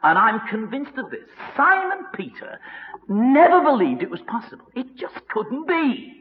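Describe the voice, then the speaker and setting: A man preaching a storytelling sermon, swinging dramatically between loud and hushed. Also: high voice, wildly swooping pitch, moderate pace. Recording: reverberant hall, dull lo-fi sound.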